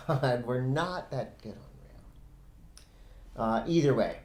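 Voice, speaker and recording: A man's voice: mid-range voice, lively intonation, takes it slowly, darkish tone. A middle-aged man co-hosting a casual podcast, loose and rambling, laughing often. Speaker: podcast co-host. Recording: roomy echo.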